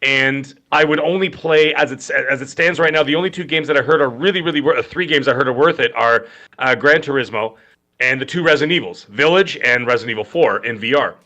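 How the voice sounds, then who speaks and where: A man from Canada co-hosting a gaming podcast, joking and telling animated stories in casual chat. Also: medium pitch, fairly quick, dull audio. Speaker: podcast co-host.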